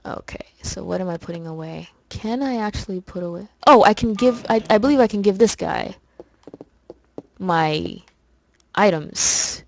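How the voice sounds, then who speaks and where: A woman's voice: mid-range voice, animated, moderate pace, creaky, a little hiss or hum, poor audio. A young woman from New York with a New York accent, rambling through casual let's play commentary in a chatty, self-deprecating way.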